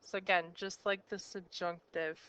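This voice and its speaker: A woman teacher walks through a grammar lesson step by step, her voice bright and crisp. She pauses to quiz her listeners as she goes. The recording is dry and a little dull, as if taken close on a modest mic. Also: mid-range voice, level tone, no room sound. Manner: explains step by step, quizzes the listener with questions. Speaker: Spanish teacher.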